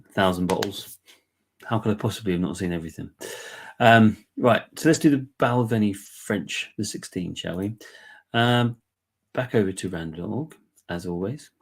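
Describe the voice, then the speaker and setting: A man chatting his way through a live whisky giveaway, relaxed and rambling with frequent ums. His voice sits a little low and sounds husky and congested, as if he's still bunged up. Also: moderate pace, long pauses. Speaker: whisky giveaway livestream host. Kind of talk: casual live chat.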